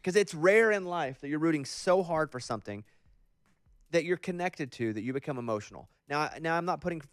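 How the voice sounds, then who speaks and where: A man hosting a radio show, chatting casually and telling stories in an animated, rambling way into a studio microphone. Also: fairly high pitch, no echo. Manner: animated storyteller, quick and rambling. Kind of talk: casual morning radio chat.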